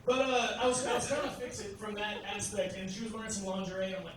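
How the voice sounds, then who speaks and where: A man's voice: high-pitched, fairly even intonation, quick pace, few pauses, heavy reverb, recorded from a distance, background noise. A man from Tennessee doing a crude, brash stand-up comedy set on a club stage, talking to the crowd between punchlines.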